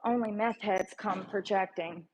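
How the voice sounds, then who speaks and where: A woman's voice: mid-range voice, measured pace, darkish tone, slightly rough, low-quality recording. A woman talking to her camera in a gym, blunt and profane, explaining her workout in a casual chatty way. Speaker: vlogger. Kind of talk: casual gym vlog talk. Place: public gym.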